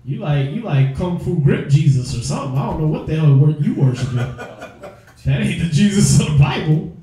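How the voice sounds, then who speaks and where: Mockery of rival views runs through this religious teacher's blunt, profane street-style preaching. He speaks at normal speed in a fairly high, mellow voice with lively intonation, captured in a very echoey room.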